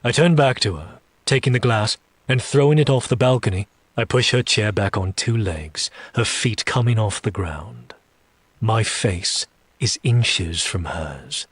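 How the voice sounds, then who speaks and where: Deliberate first-person story narrator, a man with a low husky voice, recorded dry and close. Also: no echo. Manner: slow, deliberate, low reading with menacing asides. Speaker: story reader.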